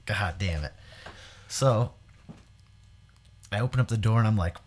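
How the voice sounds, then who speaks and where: A man's voice: lowish voice, a little slow, slightly rough. A man hosting a podcast, telling a wild story casually, swearing a lot and laughing as he goes. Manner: profane, laughing, animated retelling. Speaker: podcast host.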